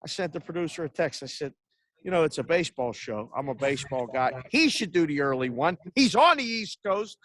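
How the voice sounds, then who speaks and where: A man's voice: fairly high pitch, very animated, fairly quick, fairly bright tone. A man hosting a sports betting podcast, talking in a rambling, brash, casual way and swearing freely. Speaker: podcast host.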